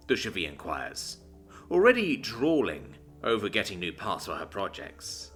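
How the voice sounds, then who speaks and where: A man narrating a story in an expressive, lively reading. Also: sits low, a little slow, faint music behind.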